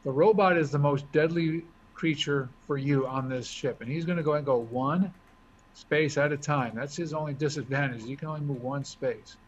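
A man talking through his moves as he explains a board game, thinking out loud in a casual way. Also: fairly high pitch, normal speed. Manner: chatty, thinks aloud while moving pieces. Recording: dull lo-fi recording with faint hiss.

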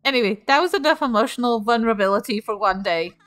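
A woman's voice: a little high, expressive, quick pace, a bit bright, no room sound. A young woman streamer chatting expressively and swearing freely during a game playthrough. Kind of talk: game playthrough chat and reading.

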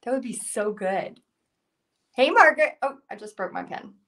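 A woman's voice: fairly high pitch, animated, moderate pace, fairly bright tone. Bubbly woman chatting while teaching. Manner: chatty and bubbly, reads viewer comments aloud. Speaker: painting instructor. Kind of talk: live-stream painting lesson. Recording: voice a bit distant from mic.

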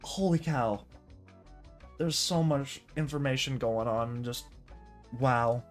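A reader casually reacting to and reading out a slideshow comic, full of excited exclamations. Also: medium pitch, takes it slowly, faint music behind.

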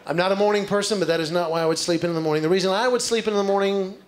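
A male stand-up comedian performing a routine, telling stories in an animated way with exaggerated outbursts. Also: high-pitched, racing. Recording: live stage recording with background noise.

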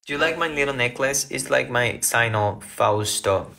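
A man's voice: mid-range voice, moderate pace, gravelly, hardly any pauses, bright, forceful tone, reverberant. A man chatting casually with viewers on a livestream, rambling and restarting his phrases as he reacts to comments. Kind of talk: casual live chat with viewers.

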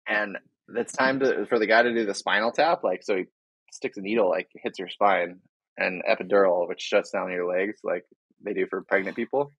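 A man's voice: low voice, steady tone, moderate pace, fairly bright tone, slightly rough, no room sound, lo-fi sound. A young man, a surfer guest on a podcast, talking in a loose, laid-back way with lots of fillers. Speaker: guest, big wave surfer. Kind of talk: casual interview chat.

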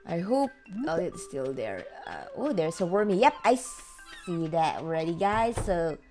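A woman's voice: fairly low pitch, sing-song, unhurried, mellow, soft background music. A woman hosting a let's play, chatting to her viewers in a chatty, exclaiming way with frequent gasps. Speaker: gaming channel host.

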